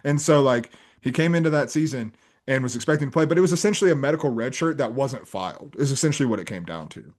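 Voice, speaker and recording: Male podcast co-host, mid-range voice, quick casual sports banter full of "like" and easy laughs. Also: medium pitch. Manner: quick, animated, laughs often, says "like" a lot.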